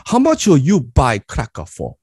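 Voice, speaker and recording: A terse, bossy older immigrant father, clipping his words and dropping articles, as a man puts him on. The voice rides noticeably higher than the speaker's own and sits close in a dry, dead space. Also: wildly swooping pitch, normal speed, a little mellow, breathy edge, dry recording, full character voice. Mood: stern. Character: stern older immigrant father, curt broken English.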